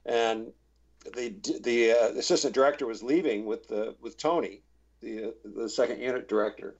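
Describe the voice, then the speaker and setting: A middle-aged man, an actor, telling rambling anecdotes in a relaxed interview and acting out the voices of people he quotes. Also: medium pitch, moderate pace, creaky. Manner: chatty, many restarts, acts out quoted voices. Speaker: actor guest. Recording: slightly dull, muffled audio.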